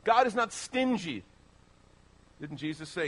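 A male pastor preaches with emphatic, persuasive energy. His voice sits a bit high and swings widely, dropping low and quiet before rising again. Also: fairly quick. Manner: animated, emphatic preaching with sweeping pitch. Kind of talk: sermon.

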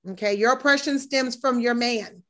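A woman talking as a guest in casual chat, emphatic and animated, with mocking asides. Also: on the high side, moderate pace. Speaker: yoga instructor.

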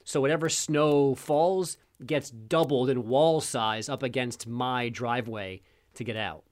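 A man co-hosts a talk show in a casual back-and-forth. His humor is dry and deadpan, and his voice sits at an ordinary pitch for a man. He speaks plainly, without much flourish. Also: a little slow. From New York area. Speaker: co-host.

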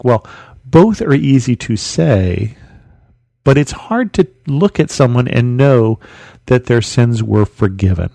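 Guy on a podcast walking through a bible story, warm low-key voice, dry close sound. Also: lively intonation, slow, creaky, no room sound. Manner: conversational storyteller, asks rhetorical questions. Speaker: podcast host teaching the Bible. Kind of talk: casual Bible teaching.

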